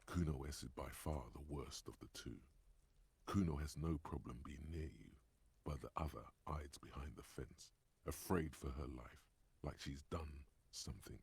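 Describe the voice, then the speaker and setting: A grim inner narrator from a video game, with a very low, gravelly voice and a husky, rough edge. He speaks gravely and measuredly, as if warning the listener. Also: normal speed, darkish tone, dry recording, heavily acted. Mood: ominous. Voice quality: deep and gravelly. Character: brooding adult male inner-voice narrator.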